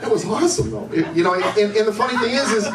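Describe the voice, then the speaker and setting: At a bar comedy night, a man performs stand-up in a loose, rambling way, often putting questions to the crowd. His voice sits high and fast with vocal fry. The room is echoey, the mic distant, and there is faint noise.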